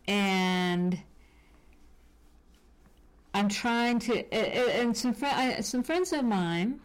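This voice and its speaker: A woman's voice: a little high, lively intonation, takes it slowly. Rambling woman chatting on a podcast. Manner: rambling, many fillers and restarts; moves around the room while talking. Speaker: podcast host. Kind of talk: casual chat. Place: at home.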